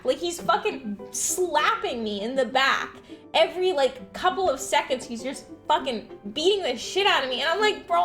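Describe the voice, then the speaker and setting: A young adult woman streamer telling stories in a casual, animated chat, swearing freely. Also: sits high.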